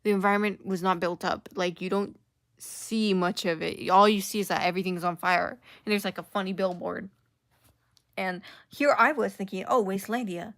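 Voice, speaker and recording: A woman's voice: mid-range voice, fairly even intonation, normal speed, a bit bright, no room sound, studio quality. A young woman giving a sarcastic, casual commentary rant full of filler words. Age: young adult. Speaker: commentary YouTuber.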